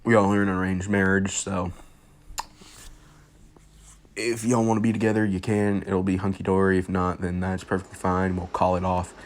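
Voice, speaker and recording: A man's voice: low-pitched, flat delivery, normal speed, pauses often, close to an everyday voice. A man voicing an easygoing, amused father in a laid-back drawl. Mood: relaxed.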